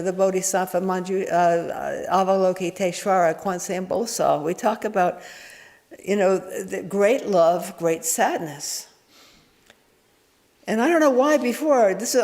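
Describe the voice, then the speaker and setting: A woman Zen teacher giving an informal dharma talk, meandering and candid, with many restarts and soft chuckles. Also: on the low side. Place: meditation hall. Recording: echoey hall reverb.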